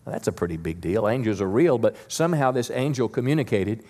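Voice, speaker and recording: A man's voice: on the low side, animated, fast talker, darkish tone. A male pastor preaching a sermon in a church, talking conversationally and leading the congregation in call-and-response. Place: church sanctuary.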